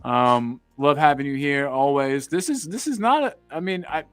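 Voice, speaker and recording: A man's voice: fairly high pitch, normal speed, fairly bright tone, no echo, soft background music. A young American man hosting a casual chat, reading out live comments and rambling with repeated words. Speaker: podcast host.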